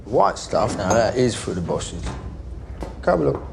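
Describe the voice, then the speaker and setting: An actor playing a volatile, menacing gangster baker in a crime drama, mocking one moment and threatening the next. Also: male voice, fairly low pitch, slow pace, creaky, full character voice. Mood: mocking jovial. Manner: mocking, swings between jovial and menacing. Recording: steady background noise.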